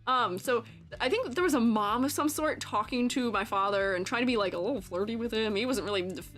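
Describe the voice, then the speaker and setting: A young woman streamer telling a rambling, animated story, laughing often and acting out voices. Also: fairly high pitch, brisk, soft background music.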